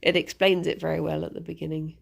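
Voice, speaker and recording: A woman chatting casually on a live stream, halting with fillers and breaking off to baby-talk to her pet. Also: deep voice, flat delivery, gravelly, slight background noise.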